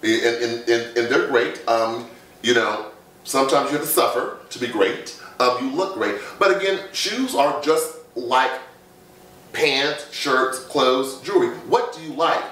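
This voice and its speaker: A man's voice: medium pitch, measured pace, a bit bright. A man who works as a fashion image consultant, giving confident advice on a talk show in lists and short punchy phrases. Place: Las Vegas. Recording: echoey room, far from the mic.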